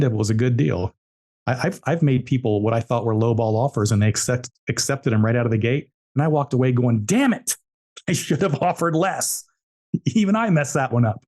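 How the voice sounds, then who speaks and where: A man's voice: medium pitch, darkish tone. A man, an entrepreneur guest on a podcast, telling business stories emphatically and repeating his key points. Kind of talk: storytelling interview answers.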